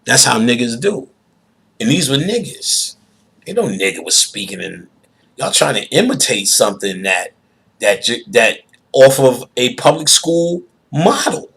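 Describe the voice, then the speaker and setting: A man, a podcast host giving a profane, preachy monologue that swings into loud outbursts. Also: medium pitch, very animated, measured pace, breathy edge, poor audio.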